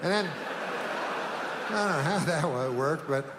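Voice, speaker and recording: Deadpan stand-up comedian, lively pitch. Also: male voice, a little slow, slight background noise. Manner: deadpan, rambling asides, long meandering setups. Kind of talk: stand-up routine. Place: comedy stage before a live audience. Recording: live room reverb, faint ambience.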